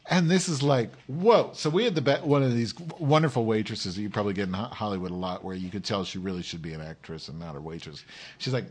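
A man hosting a casual chat, telling an animated story and acting out other people's voices. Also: on the low side, fast, slightly rough.

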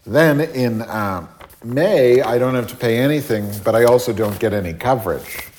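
A man chatting casually and telling a story in a sardonic, animated way, sometimes mimicking other voices. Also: medium pitch, moderate pace, a little hiss or hum.

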